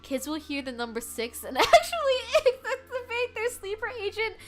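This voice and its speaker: A woman's voice: extremely high pitch, big pitch swings, normal speed, loud music behind the voice. A woman streamer chatting casually and animatedly, laughing often and swearing freely. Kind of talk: casual chat.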